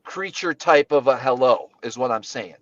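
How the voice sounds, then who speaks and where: A man's voice: mid-range voice, lively intonation, moderate pace, no echo. Easygoing man on a dull lo-fi line. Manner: easygoing, trailing restarts. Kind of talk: casual livestream chat. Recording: dull lo-fi dry sound.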